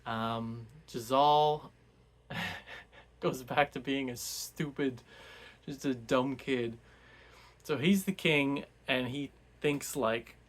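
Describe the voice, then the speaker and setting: A man's voice: mid-range voice, drawn-out words, long pauses. A man giving a casual, rambling recap of a novel for a book club, full of restarts and fillers.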